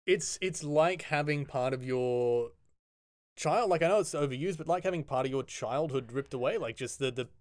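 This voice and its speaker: Podcast guy with a slightly high voice, joking around and teasing his cohost. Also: moderate pace, a little mellow, dry recording, studio quality. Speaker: podcast co-host. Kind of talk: casual podcast banter.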